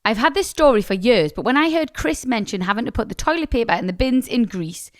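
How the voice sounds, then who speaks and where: A woman's voice: on the high side, lively intonation, brisk. A woman co-hosting a podcast, chatting casually, reading out a listener letter and laughing as she goes. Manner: giggly, teasing. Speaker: podcast co-host.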